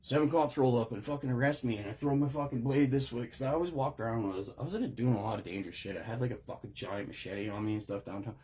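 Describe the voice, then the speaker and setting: A man's voice: medium pitch, fast, hardly any pauses, a little mellow, breathy edge. A man in an unscripted recovery monologue, talking in a raw, profane, rambling way with many restarts, emotional and close to tears. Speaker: recovery video host.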